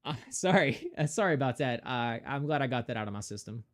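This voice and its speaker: A man streaming a game, talking casually and emphatically, preaching in a lively, animated way and slipping into mocking voices. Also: medium pitch, fairly quick.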